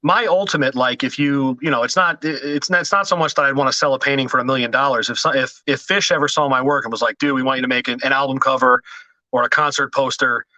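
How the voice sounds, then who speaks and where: A man talking as a podcast guest in casual chat, hesitant with many restarts and quick to laugh. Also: medium pitch, steady tone, bright, forceful tone, dry recording, poor audio.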